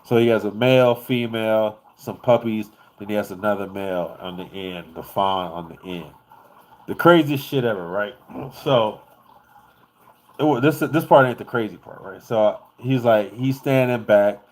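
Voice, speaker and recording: A man vlogging in a casual storytelling style, animated and rambling, who swears freely as he tells the story. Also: on the low side, normal speed.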